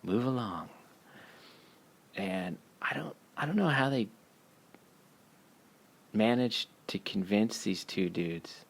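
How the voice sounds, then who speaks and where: A man telling a casual, profane story, laughing as he goes in an animated way. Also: fairly low pitch, gravelly.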